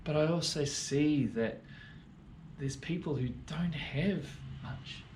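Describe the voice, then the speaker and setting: A man voicing a gentle, sorrowful prince statue in a children's story, speaking softly and pleadingly. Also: fairly high pitch, takes it slowly, slight background noise. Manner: soft, sad, pleading. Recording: echoey room.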